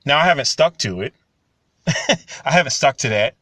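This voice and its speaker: A man, talking casually and getting animated when he tells stories. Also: high-pitched, a little fast, no echo. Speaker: commentary channel host. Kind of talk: casual monologue to camera.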